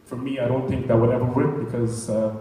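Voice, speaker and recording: A man's voice: medium pitch, little pitch movement, a little fast, mellow. Young guy doing rambly stand-up, mic kinda far off, echoey room w/ faint hum. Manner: rambling, self-deprecating asides. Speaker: stand-up comedian. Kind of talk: stand-up set. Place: comedy club stage. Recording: echoey club heard from far off.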